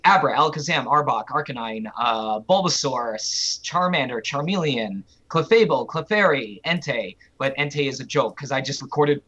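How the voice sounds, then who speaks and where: A man's voice: medium pitch, a bit bright, husky, dull audio. A man, a voice actor, chatting animatedly on a podcast and dropping into character voices. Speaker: voice actor guest. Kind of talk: casual podcast chat.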